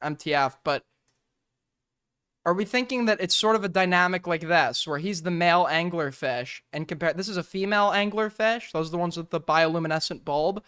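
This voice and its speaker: Smooth-voiced man reacting to a clip. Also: high-pitched, fairly quick, fairly bright tone. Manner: sarcastic, laughing, rambling. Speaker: streamer commentator.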